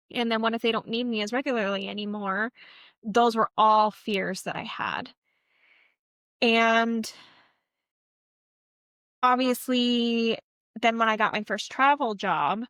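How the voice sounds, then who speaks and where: A woman's voice: medium pitch, fairly bright tone, clear, resonant tone, no room sound. Woman, vet tech podcast co-host, candid reflective chat, dry close sound. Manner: candid, earnest storytelling; reflective, encouraging. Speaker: veterinary technician.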